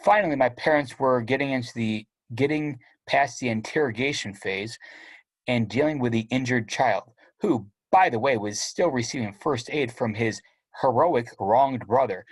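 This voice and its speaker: A man's voice: mid-range voice, normal speed, husky, no echo. A man narrating a first-person story aloud in a wry, sardonic way. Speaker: audiobook narrator.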